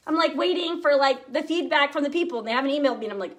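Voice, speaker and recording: A woman sales team director giving an energetic, chatty motivational talk, speaking straight to her listeners. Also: high-pitched, fast, hardly any pauses.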